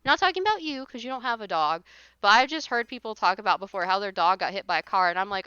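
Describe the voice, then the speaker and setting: Woman streamer, casual exasperated rant, blunt and sweary, bright sharp tone, dry close sound. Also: medium pitch, lively intonation, fast, smooth, no echo, highs cut off. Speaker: livestreamer. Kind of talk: casual chat while gaming.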